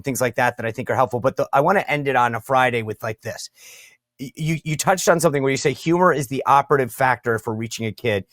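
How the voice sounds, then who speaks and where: A man's voice: medium pitch, fairly bright tone, dry recording, studio quality. A man hosting an interview show, conversational with frequent restarts. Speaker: show host. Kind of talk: interview and sign-off.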